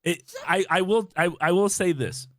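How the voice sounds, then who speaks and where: A man's voice: high-pitched, moderate pace, a bit bright, dry recording, studio quality. A young man casually telling a dating story on a stream, swearing freely and acting out his own reactions.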